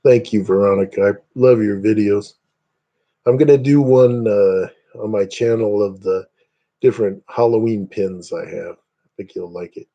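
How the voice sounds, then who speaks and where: Guy rambling on a livestream, kinda low voice, super mellow and dark. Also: moderate pace, dull audio. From Northeast Indiana, USA. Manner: rambling, chatty, greets viewers by name. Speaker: livestream host. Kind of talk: casual livestream chat.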